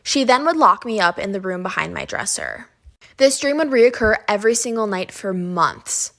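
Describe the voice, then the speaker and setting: Woman, earnest storytime, mid-pitched voice. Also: lively intonation, moderate pace, gravelly, a bit bright. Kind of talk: casual storytime.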